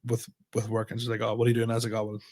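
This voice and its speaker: A man's voice: lowish voice, completely flat delivery, rapid-fire, a little mellow. A man, a comedian co-hosting a podcast, telling a story in casual chat and acting out both sides of the dialogue, with plenty of swearing.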